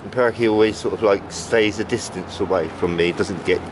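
A rambling, chatty man in his fifties talks into a handheld phone on a city street. His voice sits fairly low, and clear traffic noise runs behind him outdoors. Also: brisk. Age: 50s. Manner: chatty, rambling, calls out fondly to pigeons by name. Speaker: vlogger. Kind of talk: casual walk-and-talk vlog.

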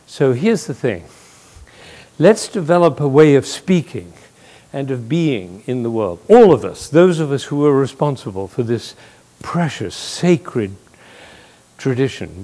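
An older man giving a lively, playful talk to an audience, telling stories and jokes as a speaker on music and leadership. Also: medium pitch. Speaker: conductor and speaker.

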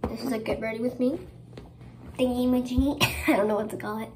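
A woman's voice: on the high side, fairly even intonation, fairly quick. A young woman chatting casually in a get-ready-with-me vlog, rambling with lots of fillers and giggles. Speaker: vlogger. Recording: echoey room with ambient noise.

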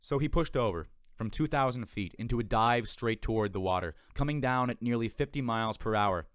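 A man narrating an audiobook in a measured, expressive reading, recorded by himself. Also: medium pitch, no room sound, studio quality. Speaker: audiobook reader. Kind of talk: scripted narration. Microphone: home recording.

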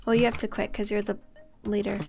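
A woman's voice: mid-range voice, little pitch movement, fairly quick, a little mellow, faint music behind. A woman hosting a casual gaming video, giggling often and bossing her co-player around in an upbeat way. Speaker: gaming channel host. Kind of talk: casual gameplay chat.

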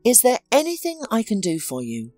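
Woman reading a caring upbeat guy, coaxing, lively up-and-down voice, faint music under. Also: a little high, normal speed, dry recording, voice pushed up. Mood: sympathetic. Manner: warm, coaxing, cheerful. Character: caring, upbeat male friend.

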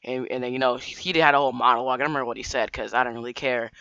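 A man's voice: medium pitch, fairly even intonation, racing, gravelly, pushed and bright, clear, resonant tone, no room sound, dull audio. Rambling young man telling a storytime. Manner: rambling, full of restarts and slang. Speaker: vlogger. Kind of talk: casual storytime vlog.

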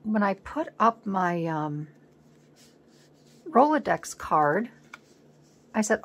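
A woman hosting a collage video, chatting casually as she works at a home craft table, rambling and thinking aloud, sometimes dropping to a soft murmur. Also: mid-range voice, animated, takes it slowly, gravelly, slightly rough. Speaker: collage artist host.

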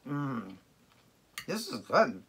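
A woman's voice: rumbling low, big pitch swings, very slow, breathy edge. A woman chatting casually and enthusiastically to camera about a home-cooked meal, tasting it as she talks. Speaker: keto cooking vlogger. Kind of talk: casual cooking chat to camera.

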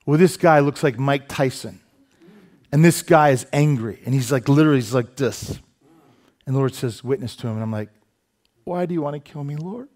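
A man preaching from the pulpit, pitch set in the everyday middle. He tells stories with animated asides and pokes fun at himself. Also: moderate pace. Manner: animated storytelling with asides and self-deprecating humor. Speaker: pastor. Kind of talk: sermon. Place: church sanctuary.

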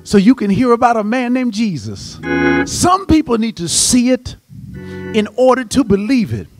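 A man pastor preaching an impassioned, emphatic sermon in a church, his voice swelling to shouts. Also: very high voice, big pitch swings, moderate pace, over music. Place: church sanctuary.

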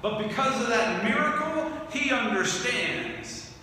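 A man preaching a sermon as pastor, talking in a conversational way that swells into animated emphasis on key phrases. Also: very high voice, unhurried. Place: church sanctuary. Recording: echoey church hall from far off, faint noise.

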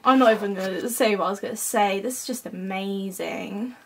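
A woman's voice: medium pitch, brisk, a bit bright, a little hiss or hum. A young woman chatting casually as she unboxes an album at home, giggling often. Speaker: vlogger. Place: at home, indoors. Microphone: camera mic.

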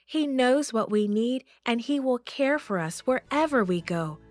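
A woman's voice: fairly high pitch, expressive, unhurried, a little mellow. A woman reading a Bible story aloud over a video call, lifting her voice for dramatic moments.

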